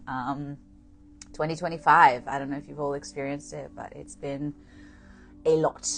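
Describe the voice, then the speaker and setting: A woman with a low voice hosts a meditation live stream in a loose, chatty way. She laughs easily and speaks into a tablet's microphone, with soft music faintly behind her. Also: moderate pace, gravelly. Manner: chatty, laughs often, relaxed. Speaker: meditation host. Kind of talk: casual live-stream chat.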